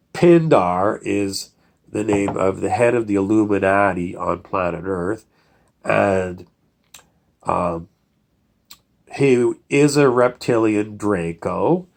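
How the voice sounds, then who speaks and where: A man's voice: fairly low pitch, gravelly. A man, a producer, talking in a casual, digressive monologue full of fillers and lost threads. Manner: digressive, loses his train of thought, many fillers.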